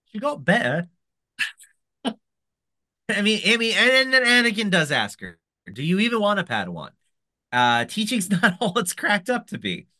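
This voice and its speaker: Male co-host, slightly high, bright, excitable recap chatter. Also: unhurried, long pauses. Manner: excitable, rambling with restarts. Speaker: podcast co-host. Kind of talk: casual recap chat.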